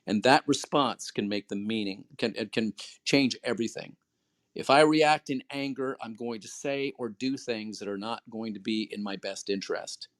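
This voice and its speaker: A man talking in a reflective, motivational way, as a host leading a chat room. His voice sits at an ordinary pitch. The sound is dry and close, with no room around it. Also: no echo. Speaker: podcast host. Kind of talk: casual talk in an audio chat room.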